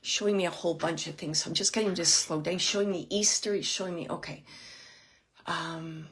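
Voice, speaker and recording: A woman working as a psychic medium, giving a live reading to an audience member in a halting, searching way, repeating phrases as she relays messages. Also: on the low side, steady tone, a bit bright.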